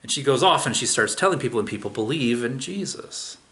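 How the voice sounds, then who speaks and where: A man's voice: mid-range voice, lively intonation, a little fast, a bit bright. A man preaching a sermon, retelling a scripture story in a casual, conversational way with everyday asides. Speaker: pastor.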